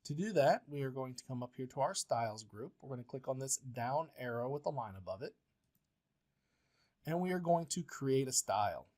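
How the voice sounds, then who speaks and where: A man's voice: medium pitch, expressive, normal speed, a little mellow. A male professor walking through a word processing tutorial step by step, patient and plain, with frequent filler sounds. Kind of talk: software tutorial walkthrough.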